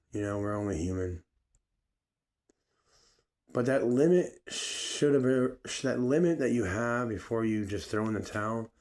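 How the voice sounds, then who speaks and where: A man with a somewhat low voice delivers a personal, reflective monologue. He rambles, restarts and fills gaps with "you know" and "I mean" as he searches for his words. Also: a little mellow. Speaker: vlogger.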